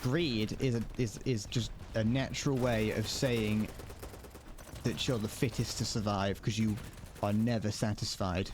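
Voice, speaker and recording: A man's voice: on the low side, steady tone, unhurried, background noise. A British man streaming a shooter game, chatting in a rambling, joking, self-mocking way. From Britain. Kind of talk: casual gameplay commentary.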